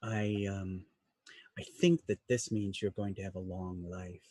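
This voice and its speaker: Slow, hesitant male game master. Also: sits low, level tone, darkish tone, dry recording. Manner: hesitant, many fillers and repeated words. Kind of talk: narrating a tabletop game.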